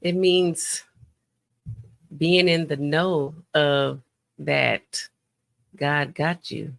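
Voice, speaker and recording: A woman's voice: low voice, steady tone, drawn-out words, creaky. A woman who hosts her own podcast, speaking as an upbeat guest in an interview. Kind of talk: interview conversation.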